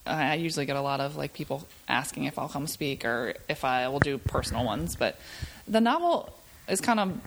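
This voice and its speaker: A woman's voice: deep voice, slight background noise, low-quality recording. A woman author chatting casually, acting out little quoted exchanges as she talks. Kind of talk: casual chat.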